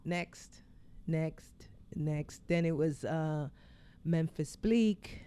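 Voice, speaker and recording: A young woman telling lively nightlife stories as a podcast guest, acting out what people said. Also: sits low, very slow, clear, resonant tone. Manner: animated storyteller acting out quotes. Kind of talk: casual storytelling chat.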